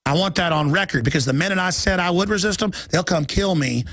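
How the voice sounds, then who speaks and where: A man hosting a talk radio show, ranting urgently and reading headlines aloud in quick bursts. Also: sits high, fairly bright tone. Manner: reads headlines aloud rapidly.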